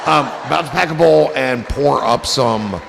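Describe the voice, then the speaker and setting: A man's voice: medium pitch, normal speed, creaky, long reverb tail, noisy background. A man hosting a casual livestream, rambling in a goofy, profane way to his chat. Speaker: livestream host.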